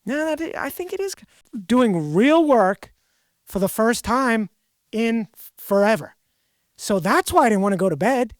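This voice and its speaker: A woman's voice: a little high, expressive, measured pace, dry recording, clean studio sound. A woman hosting a casual podcast conversation, rambling and correcting herself as she goes. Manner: rambling, self-correcting, chatty. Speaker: podcast host.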